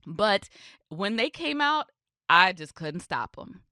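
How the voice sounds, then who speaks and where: A woman podcast host speaks in a bright, forward voice. Her pitch rises and falls a lot as she tells her own story. The sound is dry and close, and her delivery is candid and chatty, full of casual asides. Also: big pitch swings, slow pace, no echo. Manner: candid, conversational, with frequent "you know" asides. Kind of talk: personal storytelling monologue.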